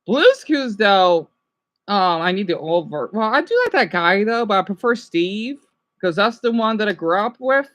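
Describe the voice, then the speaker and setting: A woman streamer reacting to videos in casual, rambling chat, excitable and talking back to her viewers. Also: medium pitch, normal speed, no room sound.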